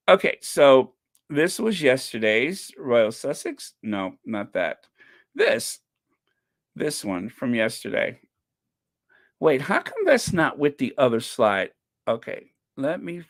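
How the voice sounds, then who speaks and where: A man hosting his own channel, chatting casually, laughing often, rambling with fillers. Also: medium pitch. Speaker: channel host. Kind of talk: casual commentary.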